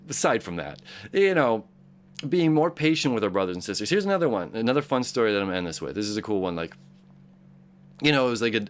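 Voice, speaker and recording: A man hosting a casual daily horoscope talk, earnest and encouraging, rambling with frequent restarts and repeated words. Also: lowish voice. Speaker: astrology show host.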